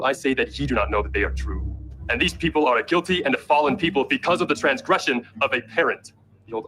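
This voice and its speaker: Brief: man as defiant heretic preacher, bright forceful tone, declaiming in a church film. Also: mid-range voice, lightly acted, low-quality recording. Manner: declaiming, accusing, in scripture-style speech.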